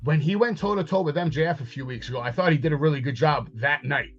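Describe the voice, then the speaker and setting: A man's voice: on the high side, fast talker, muffled recording. A man hosting a wrestling podcast, casually recapping events and paraphrasing what people said. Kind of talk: casual commentary over clips.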